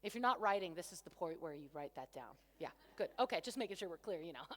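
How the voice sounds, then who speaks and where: A woman coach giving an energetic keynote to a conference crowd, asking rhetorical questions on a stage microphone. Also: on the low side, fast. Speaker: motivational coach. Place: large convention centre hall. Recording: long reverb of a big hall.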